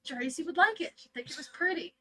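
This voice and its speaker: A woman's voice: sits high, lively intonation, quick pace, fairly bright tone, poor audio. A woman co-hosting a casual livestream, teasing and joking, with frequent laughter.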